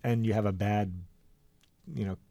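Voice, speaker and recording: A man's voice: on the low side, fairly even intonation, normal speed, gravelly, dark tone, no echo. A middle-aged male author, a guest on a radio show, reading from his book and talking about it in a wry, conversational way. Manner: wry and conversational, with some filler.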